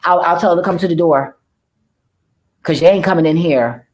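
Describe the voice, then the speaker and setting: A woman's voice: lowish voice, normal speed, a little mellow. A woman reaction vlogger talking casually, profane, emphatic and rambling. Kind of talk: casual livestream rant.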